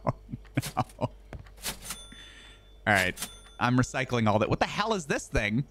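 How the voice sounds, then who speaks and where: A man's voice: mid-range voice, sing-song, a little slow, pauses often, a bit bright, slight background noise. A man streaming a video game, chatting casually as he plays, rambling and joking with frequent swearing. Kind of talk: casual gameplay commentary.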